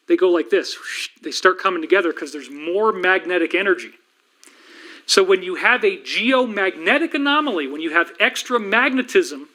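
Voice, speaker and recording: A middle-aged man hosting a livestream, lecturing rapidly and rambling with frequent restarts. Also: sits high, pushed and bright. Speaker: livestream host and researcher. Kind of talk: fast-paced lecture livestream.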